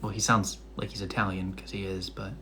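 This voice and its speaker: Young man, Rhode Island accent, chatty live-stream host, bright tone. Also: low voice, little pitch movement, fairly quick, a little hiss or hum. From Massachusetts. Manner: chatty, many likes and fillers. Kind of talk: casual live stream chat. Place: home kitchen.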